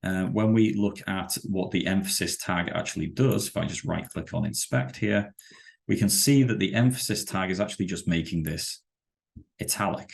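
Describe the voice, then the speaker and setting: A man teaching a web development lesson over a screen-share, explaining with halting, self-correcting sentences and many fillers. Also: sits low, gravelly. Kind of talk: screen-share coding tutorial.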